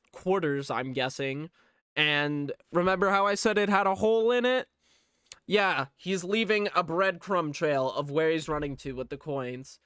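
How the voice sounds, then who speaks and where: A man reviewing a movie in a laid-back, unhurried way, peppering his plot recap with swearing and deadpan sarcasm. His voice sits a little high and sounds clean and smooth. The sound is dry and close, with no room around it. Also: dry recording. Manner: profane, offhand, jokey sarcasm.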